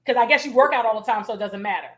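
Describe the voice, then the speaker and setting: A woman hosting an interview show, chatting casually and eagerly, with slangy phrasing and lively storytelling. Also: a little high, racing. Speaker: host. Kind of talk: casual chat.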